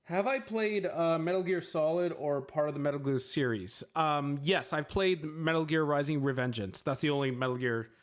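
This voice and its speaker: A man's voice: a little high, moderate pace, few pauses. Rambling man in a casual stream chat. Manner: rambling, lots of filler words and restarts; playful, laughs at himself. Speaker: streamer answering chat questions.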